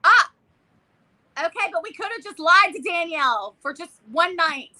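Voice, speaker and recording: A woman's voice: extremely high pitch, moderate pace. A woman co-hosting a casual live chat, an actor who talks animatedly and teases her co-host. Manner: animated, teasing, performs voices for others. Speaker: actor auditioning.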